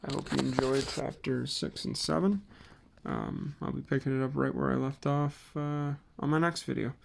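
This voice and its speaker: A man reading a children's book aloud in a relaxed way, with small slips and self-corrections. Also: mid-range voice, moderate pace, creaky. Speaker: storybook reader.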